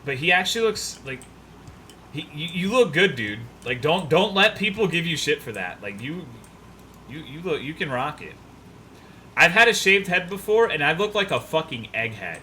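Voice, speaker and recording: Bright-voiced profane young streamer guy. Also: a little high, very animated, normal speed, a little hiss or hum. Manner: loose, profane, rambling, reads chat aloud. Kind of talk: casual gaming stream chat.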